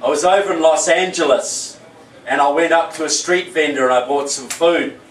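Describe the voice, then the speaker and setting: A man's voice: fairly high pitch, moderate pace, far from the mic, slight background noise. New Zealand man in an echoey hall. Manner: jokey, storytelling, earnest. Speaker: keynote speaker. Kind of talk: political rally speech.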